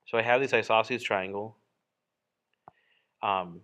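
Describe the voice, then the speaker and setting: A man's voice: lowish voice, unhurried, fairly bright tone. A man teaching a geometry lesson while drawing, in a casual, explanatory way with frequent fillers and self-corrections. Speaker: math teacher.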